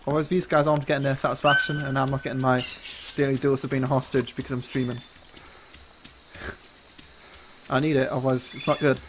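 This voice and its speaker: A man's voice: medium pitch, little pitch movement, moderate pace, long pauses, heavy background noise. A man streaming a game, chattering nervously and jokingly while pleading with his captors over a headset mic. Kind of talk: live game stream chat.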